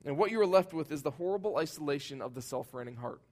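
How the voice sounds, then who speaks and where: A man preaching a sermon, earnest and emphatic, his voice swelling loud at high points and sinking soft and low at others. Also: expressive, quick pace. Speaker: pastor.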